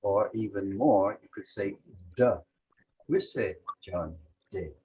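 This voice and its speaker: A man's voice: on the low side, slow pace, mellow, slight background noise, rough recording. A man teaching a language lesson over a video call, methodically walking through example sentences step by step.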